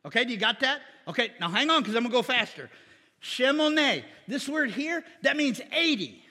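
A man preaching a sermon to a congregation, teaching from slides with quick jokes and asides. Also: extremely high pitch, expressive, bright, forceful tone, slightly rough, big-room sound. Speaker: pastor.

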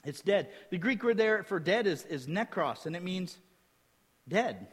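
A male pastor preaching a sermon, reading scripture aloud and acting out little dialogues in a lively, emphatic way. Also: sits high, unhurried, breathy edge. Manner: animated preaching, quotes scripture, acts out dialogue. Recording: reverberant hall.

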